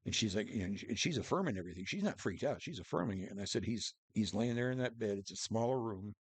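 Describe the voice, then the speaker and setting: A man's voice: on the low side, expressive, fast talker, slightly rough, dry recording. A man telling a true story in a casual, rambling way, restarting sentences and acting out what people said. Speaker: storyteller vlogger.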